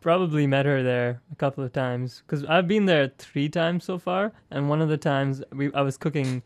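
A man's voice: fairly high pitch, normal speed, dry recording. Man, radio co-host, dry studio mic, joking, laid-back. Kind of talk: casual radio chat.

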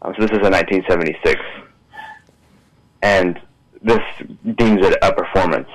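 A man's voice: deep voice, steady tone, normal speed, low-quality recording. A man in casual discussion, speaking in a hesitant, conversational way.

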